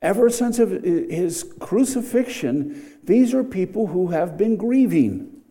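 A man's voice: high-pitched, very animated, takes it slowly, warm tone. A middle-aged man preaching a sermon in a conversational way, with asides and restarts. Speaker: pastor.

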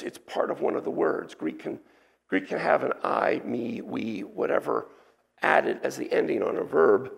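A man's voice: on the high side, vocal fry. A man preaching a sermon, explaining a scripture passage verse by verse in a teacherly way, with asides and restarts. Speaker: pastor. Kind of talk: expository sermon.

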